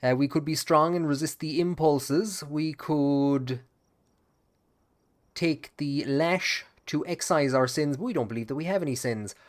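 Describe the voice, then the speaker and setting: A man's voice: fairly high pitch, measured pace. Wry man narrating a game. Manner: wry, joking asides between read-out passages. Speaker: let's play host. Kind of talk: game commentary reading event text aloud.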